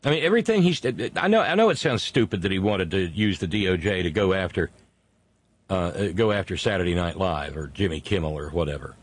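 Indignant man with slow emphatic stresses. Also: deep voice, lively intonation. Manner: indignant, stretches key words slowly for emphasis. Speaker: host. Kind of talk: political commentary monologue.

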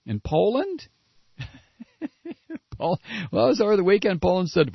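A man's voice: high voice, huge pitch swings, a little slow, vocal fry, long pauses, slightly rough, no echo, muffled recording. A man hosting a talk radio show, ranting with sarcasm and indignation and mocking the people he talks about. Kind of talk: ranting political commentary.

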